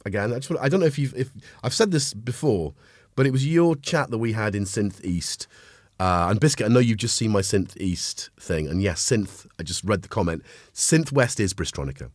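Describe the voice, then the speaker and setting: Middle-aged North Welsh man streaming with a cold, loose and jokey, very lively pitch, dry close sound. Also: brisk, no room sound. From North Wales. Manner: chatty, greets viewers, jokey asides. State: has a cold. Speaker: livestream host. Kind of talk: casual live-stream chat.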